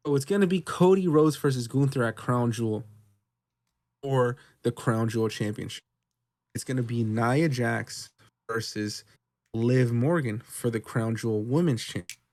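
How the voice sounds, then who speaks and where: Male co-host, casual recap chat, swears often, rambles with excitement. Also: mid-range voice, normal speed. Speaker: podcast co-host.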